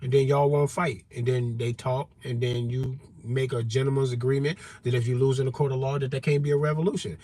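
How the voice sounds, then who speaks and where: A man's voice: medium pitch, level tone, fairly quick, few pauses, dark tone. A man in an unscripted monologue, talking straight at his listeners in a profane, confrontational, heated way. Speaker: vlogger.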